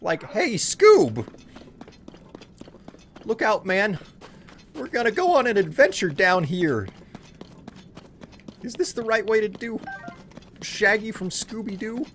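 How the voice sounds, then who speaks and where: A man putting on a goofy, high-pitched young slacker voice while streaming a game. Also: big pitch swings, slow pace, long pauses, fairly bright tone, faint music behind, exaggerated voice. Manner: high, drawling surfer-style voice. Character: laid-back goofy young male slacker dude. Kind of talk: streamer doing a character voice while playing.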